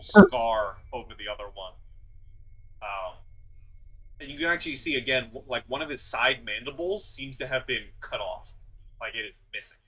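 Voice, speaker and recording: Bright-voiced man running a tabletop game. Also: medium pitch, a little hiss or hum, poor audio. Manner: rambling, filler-heavy narration. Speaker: game master.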